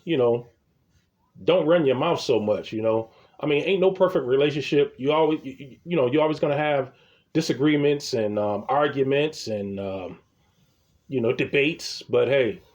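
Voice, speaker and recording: A man's voice: mid-range voice, a little mellow. A man telling comic stories in a casual, rambling rant, swearing and stumbling over repeated words. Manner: rambling, profane, repeats words when starting. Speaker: comedy vlogger. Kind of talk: casual ranting storytelling.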